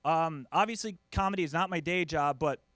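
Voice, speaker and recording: Comedian, male, 30s: high-pitched, self-deprecating stand-up, dry close mic. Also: fairly quick, a bit bright, no echo. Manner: self-deprecating, acts out quoted voices.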